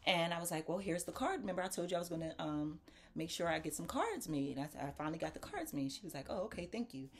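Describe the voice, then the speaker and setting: Speaking quickly in a fairly low register, this talk show host spins a casual story for her viewers. She addresses them directly as "y'all" and animatedly performs the voices of everyone she quotes.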